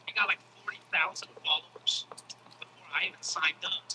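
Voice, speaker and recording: A man telling a comic story in a casual, animated style, swearing freely and acting out other people's voices. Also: sits high, fairly quick, slight background noise, rough recording. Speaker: comedian. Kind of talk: stand-up comedy storytelling.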